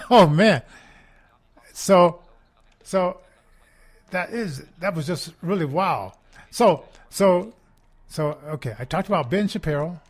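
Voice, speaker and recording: A man's voice: high voice, animated, takes it slowly, pauses often. A man hosting a political talk radio show, rambling, repeating words and asking "right?" again and again. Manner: mocking put-on voices when quoting. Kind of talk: political commentary monologue.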